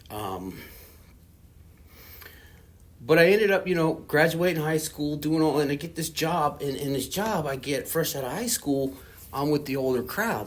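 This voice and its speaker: Man, 40s, husky voice, recovery meeting speaker, casual rambling testimony, candid, lots of fillers. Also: a little high. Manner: casual, rambling, heavy on "you know" and "like"; candid and self-deprecating about his past.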